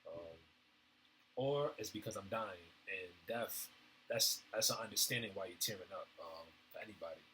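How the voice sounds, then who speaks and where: A man rambling through a casual stream-of-consciousness monologue, halting often with fillers and restarts in slangy everyday talk. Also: deep voice, pushed and bright, slight background noise, low-quality recording. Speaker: vlogger.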